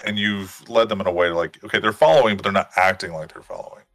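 A man narrating as game master in a tabletop game, describing scenes in a measured way. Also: low voice, steady tone, a bit bright, no room sound.

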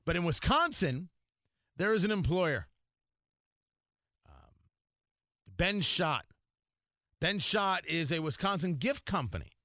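A man's voice: high voice, big pitch swings, takes it slowly, long pauses, sharp tone, dry recording, studio quality. A man hosting a morning radio show in a casual, jokey way, rambling with lots of fillers and restarts. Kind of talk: casual talk radio chat.

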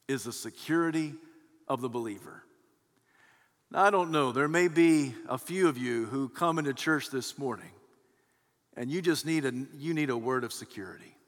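A man's voice: a little high, fairly bright tone. A male pastor giving an emphatic sermon, swelling and dropping his voice for emphasis, in a large church. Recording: long hall reverb.

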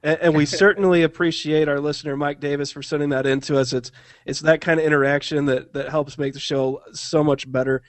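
A man's voice: fairly high pitch, steady tone, brisk, no echo. A man hosting a casual podcast, earnest and often stumbling over his words and restarting. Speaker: podcast host.

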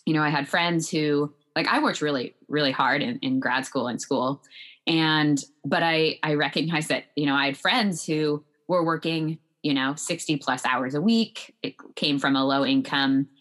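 Woman, low pitch, podcast guest, earnest and reflective. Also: fairly even intonation, normal speed, fairly bright tone. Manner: earnest, reflective, with frequent fillers. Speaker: guest, math professor. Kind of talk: interview answers.

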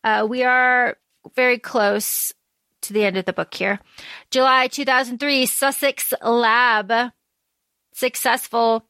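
Bright, excitable woman podcast host. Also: a little high, dry recording. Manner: excitable, swears freely. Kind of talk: casual chat recapping a story.

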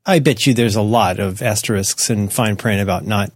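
A man co-hosting a casual tech podcast, talking in animated bursts with skeptical, self-deprecating asides, on a close microphone. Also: fairly low pitch, moderate pace, no room sound. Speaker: podcast co-host.

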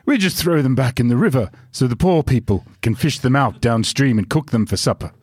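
A pompous old king with a plummy, put-on posh English accent, as a man hams it up. He is grandly formal, with a slightly husky edge and a pitch that swings widely. The sound is dry and close. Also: expressive, a little fast, darkish tone, no room sound. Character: pompous elderly male British king.

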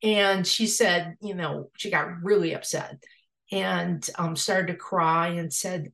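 Lively woman in her sixties telling a story. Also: fairly low pitch, unhurried. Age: 60s. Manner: lively, acts out family dialogue. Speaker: interviewee. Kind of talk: personal storytelling.

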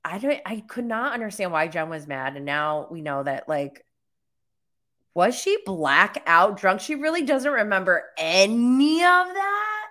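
A young woman talks in a loose, chatty way, with lots of "like" and easy laughter. Her voice is bright and clear. She speaks at an unhurried, drawn-out pace, as a host talking straight to her listeners. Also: mid-range voice, sing-song. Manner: chatty, laughs often, many "like" fillers. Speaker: podcast host recapping reality TV. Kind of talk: casual chat.

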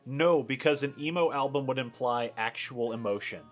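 A man's voice: medium pitch, moderate pace, a bit bright. A man co-hosting a casual music podcast, giving dry, sarcastic criticism. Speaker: podcast co-host. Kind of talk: casual chat.

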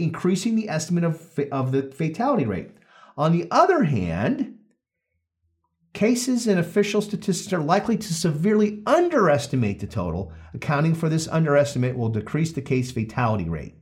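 A man hosts a casual podcast, talking through a study in a loose, joking way. His pitch swings widely up and down. He often stops mid-sentence to restart or correct himself. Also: sing-song, fairly quick, darkish tone. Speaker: podcast host.

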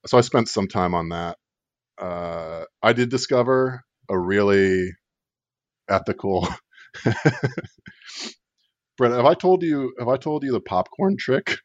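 A man's voice: on the low side, lively intonation, slow pace, long pauses, no echo. A man telling a comic story in a rambling, wry way, with plenty of filler words. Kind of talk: casual comedic storytelling. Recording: dull lo-fi dry sound.

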